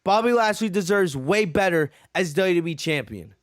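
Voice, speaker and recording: Hosting his podcast, a man tears into a wrestling show in a profane, repetitive rant. His high-pitched voice is lively and at normal speed, recorded at studio quality with no echo.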